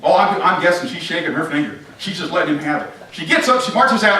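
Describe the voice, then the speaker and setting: With hardly a pause, a pastor races through an animated sermon in a high voice, quizzing the congregation and acting out scenes. His church sanctuary echoes in the distant-mic recording.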